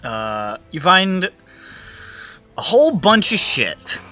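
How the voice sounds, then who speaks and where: A man's voice: fairly high pitch, big pitch swings, takes it slowly, bright, forceful tone. A man running a tabletop game as game master, narrating in a loose, casual way. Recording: muffled audio with faint music.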